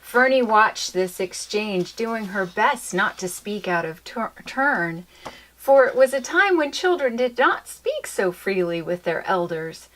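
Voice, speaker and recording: A woman reading a children's chapter book aloud in an expressive, lilting storytelling manner. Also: mid-range voice, measured pace.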